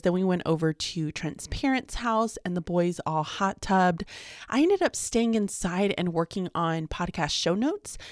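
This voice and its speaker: A woman's voice: lowish voice, dry recording, clean studio sound. A young woman, a teacher and podcaster, chatting casually in a vlog diary with frequent ums and little laughs. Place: home, quiet in the mornings.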